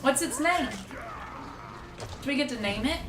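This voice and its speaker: Playful high-voiced woman, roomy. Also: lively intonation. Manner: playful, teasing, quick asides. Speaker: guest co-host on a game stream. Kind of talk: casual joking chat. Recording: roomy, distant mic, background noise.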